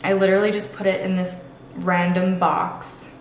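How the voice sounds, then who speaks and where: A woman's voice: fairly low pitch, little pitch movement, normal speed, vocal fry, a little hiss or hum. Gushing chatty woman vlogger, echoey room. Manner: gushing, chatty, lots of "super" and "literally". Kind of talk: casual sponsored vlog talk.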